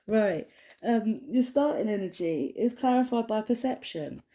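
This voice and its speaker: A woman's voice: mid-range voice, lively intonation, a little slow, warm tone. A woman giving a casual spoken oracle card reading, rambling with many restarts and fillers. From United Kingdom. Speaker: tarot card reader.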